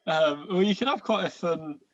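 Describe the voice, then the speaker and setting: A man's voice: on the high side, normal speed. Male podcast co-host, hesitant rambling chat, muffled lo-fi sound. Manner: rambling, hesitant, laughs a lot. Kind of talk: casual chat. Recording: dull lo-fi.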